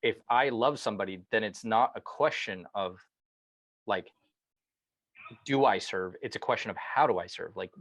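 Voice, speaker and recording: A man's voice: fairly low pitch, normal speed, long pauses, a bit bright, no echo. A man hosting a podcast, speaking emphatically and with strong opinions in a casual conversation. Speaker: podcast host.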